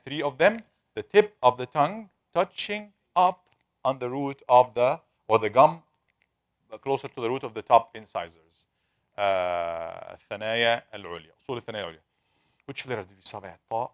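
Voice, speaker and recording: A man leads a live online Tajweed class, slowly sounding out each Arabic letter several times. His voice sits at a middle pitch, and he keeps a patient, steady teaching manner while he calls on students one by one.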